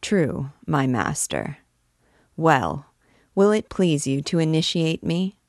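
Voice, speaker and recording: An old, gray-haired stranger presses his questions humbly but eagerly, voiced by a woman reading a novel. The voice is low and unhurried, with a dry, close sound. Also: very animated, no echo, exaggerated voice. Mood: probing.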